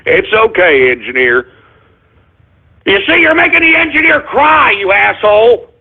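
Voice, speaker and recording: An exasperated male radio host who curses and grumbles through his complaints. His voice is very high and husky. It comes through a tinny, phone-like line. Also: very animated, measured pace. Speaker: radio call-in show host. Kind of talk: call-in radio talk.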